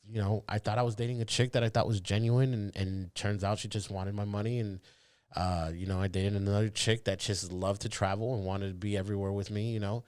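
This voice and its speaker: Low-voiced, foul-mouthed man telling stories. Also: brisk, clean tone, no room sound, clean studio sound. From Miami area, Dominican parents. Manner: loose, vulgar, animated storyteller who acts out voices. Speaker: podcast guest, comedian. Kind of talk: casual podcast chat.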